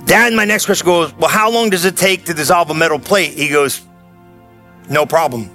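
Animated high-voiced male preacher. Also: moderate pace, soft background music. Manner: animated, conversational storytelling with shouted bursts. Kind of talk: sermon.

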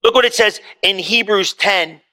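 A man preaching a sermon to a congregation, talking casually and swinging between loud quoted scripture and soft, low asides. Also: normal speed. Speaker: pastor. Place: church in front of a congregation.

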